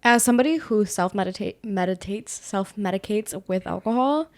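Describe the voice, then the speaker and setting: A woman's voice: medium pitch, lively intonation, moderate pace. A woman co-hosting a podcast in a recording studio, talking in a brash, profane, teasing way. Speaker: podcast co-host. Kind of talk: casual chat.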